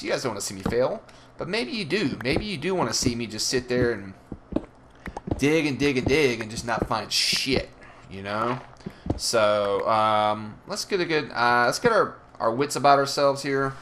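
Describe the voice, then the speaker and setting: A man's voice: medium pitch, noisy background. A young man from the Southern United States, chatting and grumbling through profane gameplay commentary as a let's play host.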